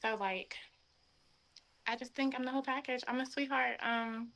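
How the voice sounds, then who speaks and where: A woman in her twenties talks as a guest on an online show. Her speech is casual and full of fillers, and her voice sits a little high. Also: level tone, normal speed, a bit bright. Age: 20s. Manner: casual, filler-heavy, with a lot of like. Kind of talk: casual chat.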